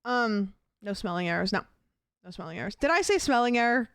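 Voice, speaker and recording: Smooth-voiced young woman streamer, dry close sound. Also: mid-range voice, expressive, a little fast, no echo. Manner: rambling, chatty, thanks donors between stories. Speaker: livestreamer. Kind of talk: casual stream chat. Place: at her desk.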